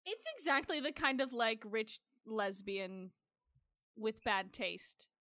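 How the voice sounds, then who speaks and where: A woman co-hosting a casual podcast, chiming in with quick jokes about a TV episode. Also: fairly high pitch, animated, sharp tone, no echo, studio quality. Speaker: podcast co-host. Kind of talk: casual TV recap chat.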